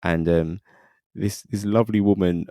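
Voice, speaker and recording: A man, recounting his journey as a podcast guest in an animated, chatty way. His voice is deep and gravelly with a dark, mellow tone, recorded close and dry. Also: normal speed, no echo. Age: 30s. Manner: animated, repeats "you know what I mean". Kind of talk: casual storytelling interview.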